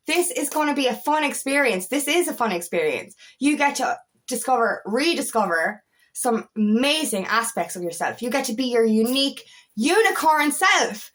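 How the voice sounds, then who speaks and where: An Irish woman coaching in a casual, emphatic monologue, swearing freely as she urges listeners on. Her voice sits a little high for a woman. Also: animated, normal speed, fairly bright tone. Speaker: empowerment coach.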